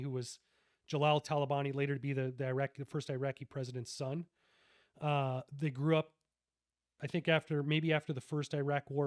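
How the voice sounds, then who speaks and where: A man's voice: medium pitch, dry recording, clean studio sound. A middle-aged man, a retired army officer, recounts his combat deployments as a podcast guest in a laid-back, slangy way, full of fillers and restarts. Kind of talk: casual war storytelling in an interview.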